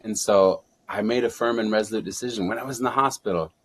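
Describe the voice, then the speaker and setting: A man's voice: fairly low pitch, fast talker, breathy edge. A man speaking as a guest on an interview show, fervent and preaching, with repeated affirmations. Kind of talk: motivational interview talk.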